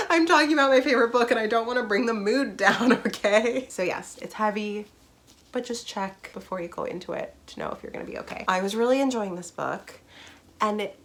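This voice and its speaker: A woman's voice: mid-range voice, fairly bright tone, a little hiss or hum. A young adult woman chatting casually in a book review vlog, bubbly and rambling, with laughs and asides. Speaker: book vlogger.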